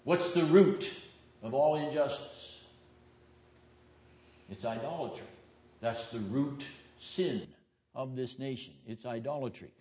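A man lecturing to a seminary class, pressing his points home with rhetorical questions and quizzing students by name. His voice sits at an ordinary middle pitch. The classroom recording is dull and lo-fi. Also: slow pace, pauses often, mellow, husky.

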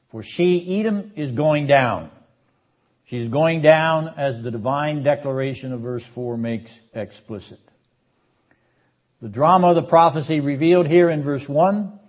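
An older man teaching a seminary class on a biblical prophet, speaking in a measured, emphatic way and sounding out Hebrew words. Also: mid-range voice, a little mellow, muffled recording. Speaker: seminary lecturer. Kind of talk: classroom Bible lecture.

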